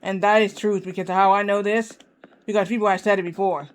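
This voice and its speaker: Guy streaming a game, kinda high voice, rambles and keeps repeating himself. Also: level tone, fairly quick, smooth. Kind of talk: casual storytelling while gaming.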